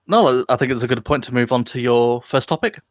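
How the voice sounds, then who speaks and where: A man's voice: medium pitch, fairly quick, no echo. A man from Britain co-hosting a podcast live, chatting casually, rambling with lots of fillers and restarts, joking along. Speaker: podcast co-host. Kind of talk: casual chat. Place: live online podcast recording.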